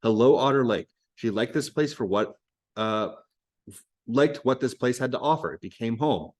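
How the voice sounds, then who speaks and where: A man's voice: medium pitch, lively intonation, moderate pace, darkish tone, lightly acted. A man reading aloud as a confident local woman, telling a tall tale in a matter-of-fact, teasing way.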